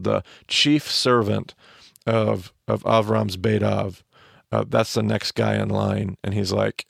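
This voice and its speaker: A man teaching the Bible on a podcast, his voice heavily gravelly and fairly low. He explains with restarts and fillers and speeds up in asides. It is recorded dry and close on a studio mic. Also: dry recording.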